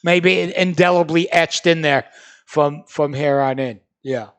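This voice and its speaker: A man hosting a comedy duel, bantering with wry quick quips. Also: fairly high pitch, smooth. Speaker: host.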